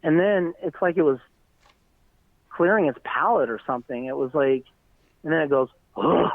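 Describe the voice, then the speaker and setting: A man's voice: fairly high pitch, animated, moderate pace, no room sound. A middle-aged man, an eyewitness guest, earnestly telling a long story in casual, rambling talk over a tinny phone line.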